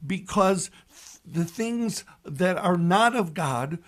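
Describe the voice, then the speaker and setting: High-voiced older pastor. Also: male voice, takes it slowly. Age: 60s. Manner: animated storyteller who shouts the punchlines. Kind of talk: radio reflection and joke telling.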